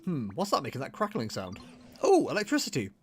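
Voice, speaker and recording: A man's voice: fairly high pitch, huge pitch swings, a little fast, soft background music. A man reading out a friendly, helpful game companion's lines in his own voice. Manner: reading on-screen dialogue aloud.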